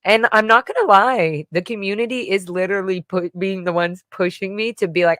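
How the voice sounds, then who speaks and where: A woman guest chatting on a livestream, emotional and halting, often restarting her sentences. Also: medium pitch, a bit bright, no room sound, clean studio sound. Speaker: guest musician and streamer. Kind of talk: casual livestream chat.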